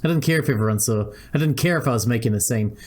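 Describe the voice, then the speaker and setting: A man's voice: medium pitch, quick pace, a little mellow. A man hosting a let's-play, reading a visual novel aloud and switching between narration and character voices.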